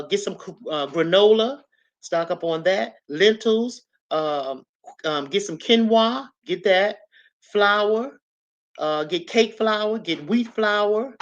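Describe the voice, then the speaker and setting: A livestream host, talking fast and chatty, repeating instructions with plenty of "um"s and checking in with viewers. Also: medium pitch, dull audio. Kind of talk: casual livestream advice chat.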